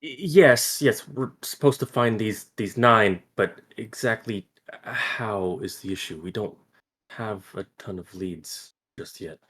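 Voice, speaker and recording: Male player, lowish, hesitant and rambling. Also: slow pace, fairly bright tone, husky. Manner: unsure, rambling with fillers. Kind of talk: casual tabletop chat.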